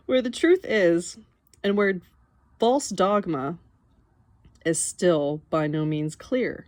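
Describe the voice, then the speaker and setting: A young adult woman reading a nonfiction book aloud in an expressive, wry way, breaking off now and then to comment on it. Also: on the low side, extremely slow, long pauses, no echo. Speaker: audiobook reader.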